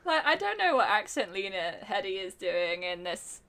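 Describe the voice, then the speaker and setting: A woman co-hosting a casual film chat, chatty and quick to laugh. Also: mid-range voice, sing-song, pushed and bright. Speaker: podcast co-host.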